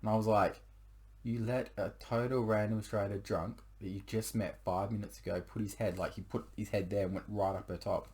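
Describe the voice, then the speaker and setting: A man's voice: lowish voice, fairly even intonation, moderate pace, a little mellow. A young man tells a personal relationship story in a casual, rambling way, with many fillers and restarts.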